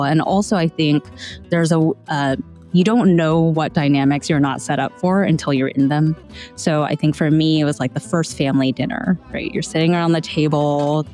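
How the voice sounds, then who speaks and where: A woman's voice: low voice, a little mellow. Candid woman guest telling stories. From United States. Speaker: guest, founder of a language platform. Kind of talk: conversational interview answer.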